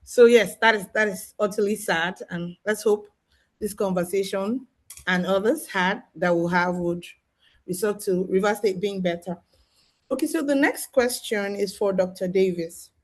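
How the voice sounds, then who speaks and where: A woman moderating an online panel, asking questions politely and in a measured way. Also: mid-range voice. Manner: polite, measured, addresses the guest as sir. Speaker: discussion moderator. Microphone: video call.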